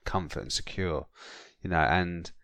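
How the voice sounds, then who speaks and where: Deep smooth South London man. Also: measured pace, a bit bright, dry recording. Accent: South London English. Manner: chatty, repeats "yeah" a lot, drops into silly put-on voices. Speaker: podcast co-host. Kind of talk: casual chat.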